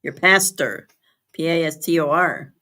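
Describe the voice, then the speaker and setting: Speaking at a measured pace in a low-pitched, sharp voice, a woman hosts a relaxed home live stream on her streaming setup. She chats with viewers, addresses their comments by name, spells words out and laughs often.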